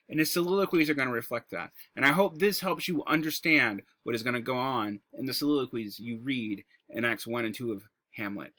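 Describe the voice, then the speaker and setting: A man teaching a recorded high school English lesson. He explains terms casually and breaks words into their parts. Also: pushed and bright, no echo. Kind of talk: recorded classroom lecture.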